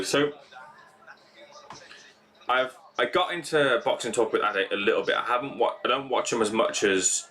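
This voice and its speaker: A man's voice: mid-range voice, moderate pace, pauses often, pushed and bright. A young man hosting a casual live reaction stream, talking in a rambling, chatty way with lots of fillers.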